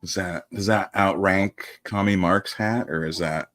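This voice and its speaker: Very deep-voiced easygoing man. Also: steady tone, unhurried, a bit bright. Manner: easygoing, agreeable, drops in short replies. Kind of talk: casual chat.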